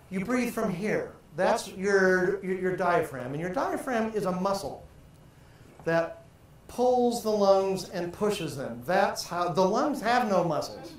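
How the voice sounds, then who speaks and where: An older man teaching a speaking workshop, theatrically projecting and stretching out vowel and syllable drills. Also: high voice. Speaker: voice and speaking coach. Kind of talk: workshop lesson with vocal exercises. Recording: very echoey room, faint ambient noise.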